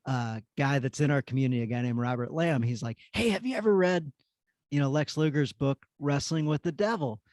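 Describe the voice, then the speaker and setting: A man's voice: mid-range voice, fairly quick, hardly any pauses, darkish tone, no room sound, studio quality. A man hosting a podcast, chatting eagerly and retelling his own reactions. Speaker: podcast host. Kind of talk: casual interview chat.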